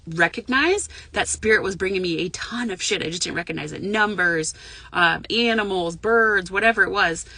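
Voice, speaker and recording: Woman medium in her car, loose rambling delivery, salty language, a bright, slightly low voice. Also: no room sound. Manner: frank, profane, rambling with many fillers. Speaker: intuitive medium and spiritual mentor. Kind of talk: casual live chat to viewers. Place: parked car.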